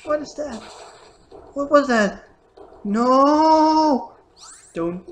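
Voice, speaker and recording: A young gamer giving live commentary on a challenge run at home, dropping from low muttering to loud cursing outbursts. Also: lively intonation, extremely slow, long pauses. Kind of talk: live let's-play commentary. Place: home room. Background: faint noise, dogs at times.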